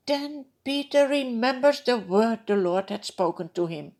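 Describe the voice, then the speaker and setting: A woman narrating a Bible story for children, reading slowly and expressively and asking her young listeners direct questions. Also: medium pitch, lively intonation.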